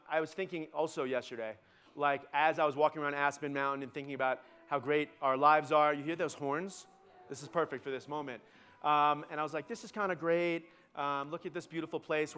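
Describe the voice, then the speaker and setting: A man runs a live cooking demonstration, his speaking voice sitting somewhat high for a man. He rambles in a loose, self-mocking way, filling gaps with "like" and "right?" as he checks in with the crowd. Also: fairly bright tone, clear, resonant tone. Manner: joking, self-deprecating, filler-heavy with "like" and "right?". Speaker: celebrity chef giving a cooking demo. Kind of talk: live cooking demo with stand-up banter. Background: live audience.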